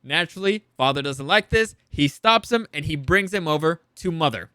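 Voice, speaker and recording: Guy doing a show recap, kinda high and bright, rambly and animated, dry close sound. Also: normal speed, no echo. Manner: rambling, animated, acts out characters with laughs and swearing. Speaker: show reviewer. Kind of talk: casual episode recap.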